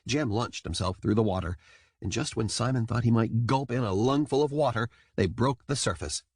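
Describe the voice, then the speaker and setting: A man reading an audiobook in scripted narration, lively and quick to slip into character voices. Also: mid-range voice, breathy edge, no room sound, clean studio sound.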